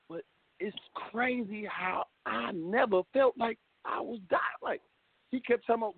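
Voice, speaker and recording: A man guest telling his story in an animated way, full of street slang and swearing, heard on a tinny phone line. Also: high-pitched, moderate pace. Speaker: rapper guest. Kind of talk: phone interview.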